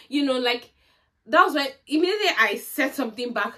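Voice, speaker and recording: A Nigerian woman tells a personal story straight to camera. Her voice swings high and low as she acts out the conversations, and her delivery stays lively throughout. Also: a little fast. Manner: animated storytelling that acts out remembered dialogue. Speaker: vlogger. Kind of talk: storytime vlog.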